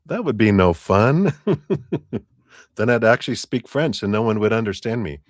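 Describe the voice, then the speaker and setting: A man's voice: lowish voice, lively intonation, normal speed, no room sound, clean studio sound. A man hosting a live tarot reading, chatting casually in a rambling way, with lots of "you know" fillers and chuckles.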